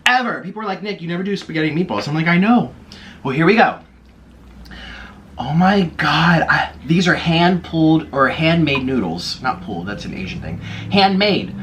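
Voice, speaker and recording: A man's voice: a little high, animated, normal speed, fairly bright tone, slight background noise. A man doing a casual eating vlog as a YouTuber, gushing and exclaiming over his food between bites, indoors by a window. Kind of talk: mukbang eating vlog chatter. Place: indoors by a window in a city apartment.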